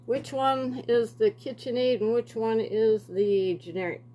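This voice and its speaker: A woman's voice: fairly high pitch, steady tone, measured pace, dark tone, slight background noise. A woman, talking to herself and her viewers as she bakes in her home kitchen, with rambling asides. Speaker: home cooking vlogger. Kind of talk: casual kitchen chat.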